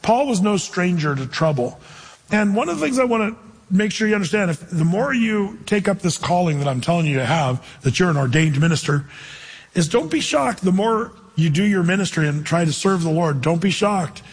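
A man with a high, slightly husky voice delivers a lively, conversational sermon, acting out quotes in different voices. His words ring out with long reverb in a large hall. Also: normal speed. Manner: animated, conversational preaching with acted-out quotes. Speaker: pastor.

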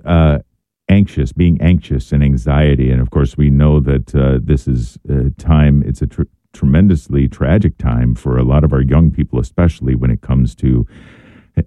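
A man hosting a faith radio call-in show, asking long, measured questions with fillers. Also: a bass voice, mellow, no room sound. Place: radio studio.

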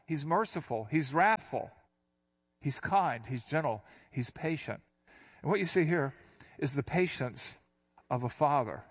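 A middle-aged or older man, a pastor, gives an expository Bible teaching in a conversational way, with casual asides and slow, deliberate reading of scripture passages. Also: a little high.

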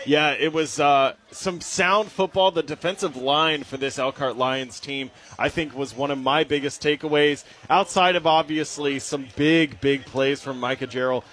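A man hosting a high school football post-game radio show, reading sponsor spots and correcting his own slips. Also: normal speed, hardly any pauses. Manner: energetic, trips over words and corrects himself. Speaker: radio sports host.

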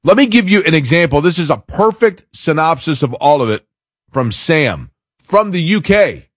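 A man's voice: a little high, sing-song, normal speed, no echo. A man hosting a sports talk show, chatting casually and opinionated, rambling as he reads out a listener's email. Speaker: sports radio host.

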